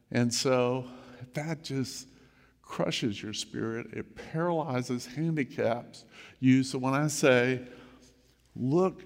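A man's voice: medium pitch, in a large hall. An older man, a grandfather, preaching a sermon in a conversational storytelling manner. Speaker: pastor.

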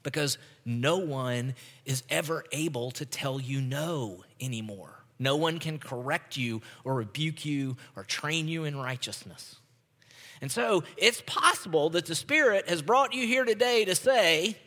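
Male pastor, talky sermon delivery, brightish voice, big sanctuary reverb. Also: medium pitch, expressive, unhurried. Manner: conversational preaching, often checks in with "right?". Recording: long hall reverb.

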